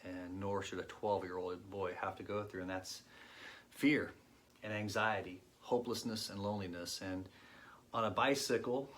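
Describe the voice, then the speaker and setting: A man nearing fifty tells his story of faith. His voice sits a little low, and he speaks earnestly and reflectively, often pausing on small fillers as he gathers his thoughts. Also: flat delivery, a bit bright, slight background noise. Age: 40s. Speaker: guest sharing his testimony. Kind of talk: personal faith testimony.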